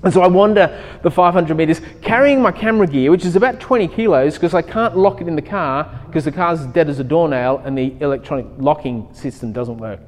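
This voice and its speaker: Pastor preaching in a reverberant hall. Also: male voice, on the high side, fairly quick. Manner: animated storytelling, acting out his own thoughts. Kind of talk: sermon with personal story.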